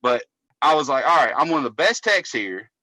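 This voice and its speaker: Bright-voiced man telling a rambling story. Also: on the high side, big pitch swings, fairly quick, dry recording, poor audio. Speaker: podcast co-host, cable technician. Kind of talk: casual podcast chat.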